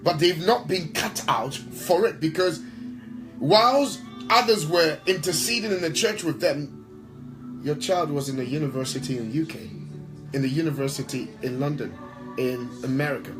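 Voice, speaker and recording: A man who serves as a pastor and worship leader speaks in an interview with a somewhat high voice. His delivery is emphatic and preacher-like, repeating phrases to drive his points home. Soft music plays faintly behind him. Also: normal speed, rough recording. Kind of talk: interview answer, preacher-like talk.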